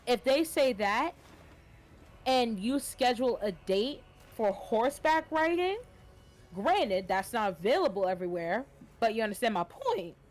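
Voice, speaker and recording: A woman co-hosting a casual stream chat, blunt and animated, swearing freely. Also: on the high side, a little slow. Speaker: co-host streamer.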